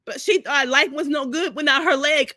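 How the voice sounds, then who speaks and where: A woman's voice: high-pitched, normal speed, sharp tone, no room sound, clean studio sound. A crying woman pouring out a profane, repetitive rant to her camera, speaking. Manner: tearful, repeating herself, profane. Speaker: vlogger. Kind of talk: emotional personal rant to camera.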